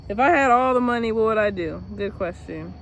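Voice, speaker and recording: A woman's voice: a little high, animated, a little fast, slight background noise. A young woman vlogging while sitting outdoors in a parking lot, musing aloud in a loose, profane, laughing way. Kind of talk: rambling casual vlog.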